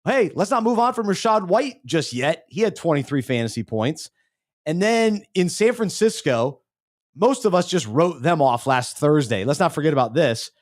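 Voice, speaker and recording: Male podcast co-host, slightly high voice, loose rambling delivery that trails off low. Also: expressive, moderate pace. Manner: rambling, trips over words, trails off low. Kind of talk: casual podcast chat.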